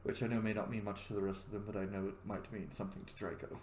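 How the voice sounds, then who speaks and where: A man voicing an eloquent, refined male dragon god who speaks in a solemn, measured way. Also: on the low side, fairly even intonation, darkish tone, a little hiss or hum, pitched below the performer's own voice, close to an everyday voice. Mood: wry. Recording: roomy echo.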